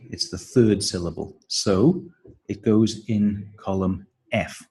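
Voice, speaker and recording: A lowish, dark voice with a breathy edge belongs to a man acting as a teacher trainer. He moves slowly through a training manual step by step, saying um and uh often, on poor-quality audio.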